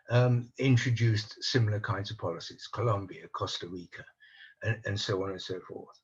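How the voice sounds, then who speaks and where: An older man speaking on a conference panel over a video call, measured and analytical, voicing doubts in a deliberate way. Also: lowish voice, husky, lo-fi sound. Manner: measured, analytical, openly skeptical. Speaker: panel speaker on housing policy. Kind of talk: online conference talk.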